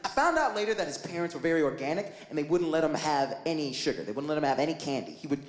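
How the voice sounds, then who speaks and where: Brief: male stand-up, high and lively, echoey live venue, loud ambience. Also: fast. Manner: animated, swooping into high-pitched exclamations. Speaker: stand-up comedian. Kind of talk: stand-up comedy set. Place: comedy stage before live audience.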